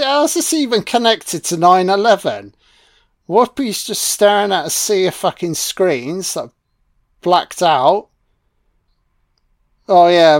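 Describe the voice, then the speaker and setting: A man's voice: sits high, no echo, clean studio sound. A man with a British accent giving an audio commentary on a film, mocking it with sarcastic, heavily profane riffs.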